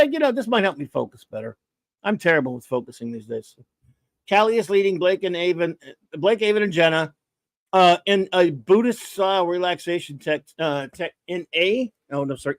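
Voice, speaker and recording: A man's voice: a little high, no echo. A man hosting a casual chat, rambling and self-deprecating with lots of restarts. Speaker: host.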